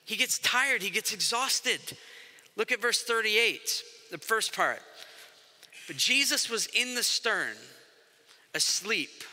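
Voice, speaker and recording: A man's voice: high voice, expressive, takes it slowly, pushed and bright. A man preaching a sermon to a congregation, conversational and joking, acting out quotes in different voices. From grew up by the ocean. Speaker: pastor. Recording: long hall reverb.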